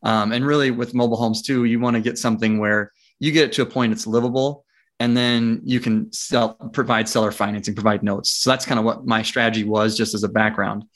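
A man, a guest in a casual interview, telling a story in a lively way, acting out the dialogue and laughing often. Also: fairly low pitch, fairly quick. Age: adult with young children. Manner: frequent fillers and restarts. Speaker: interview guest, property investor.

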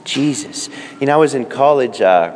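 A man's voice: measured pace, slight background noise. Man giving a homily in an echoey church. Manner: animated, swings from loud rising calls to soft low asides. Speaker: priest.

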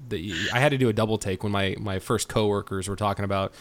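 A fairly low-voiced man in his thirties hosting a casual podcast. He is from California and talks in an animated, chatty way, full of restarts and asides. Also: quick pace, few pauses. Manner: animated, jumps into exaggerated high voices for quoted people. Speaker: podcast host.

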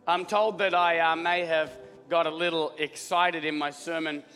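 A man preaching as lead pastor, his voice rough and hoarse, rallying the congregation and clearing his throat often. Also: a little high, level tone, moderate pace, bright, forceful tone. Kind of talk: sermon. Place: church auditorium. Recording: hall reverb with faint music.

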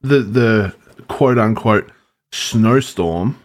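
A man with a fairly low voice, chatting on a podcast. He stumbles and repeats words as he gets going, then riffs in long run-on stretches. He often checks in with the others as he talks. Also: very slow. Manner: hesitant, repeats words, conspiratorial riffing. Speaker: podcast co-host. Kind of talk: casual chat.

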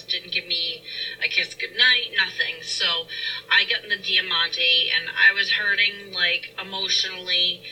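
A woman's voice: fairly low pitch, sharp tone, distant mic, poor audio. A young woman co-hosting, frankly telling her own story in casual chat, recorded inside a car. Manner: frank, self-deprecating. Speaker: podcast co-host. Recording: voice a bit off-mic with faint hiss.

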